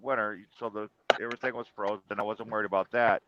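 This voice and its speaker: A man's voice: fairly low pitch, flat delivery, fast talker, dull audio, very noisy. A man casually telling a personal story in a chat, rambling with fillers and restarts.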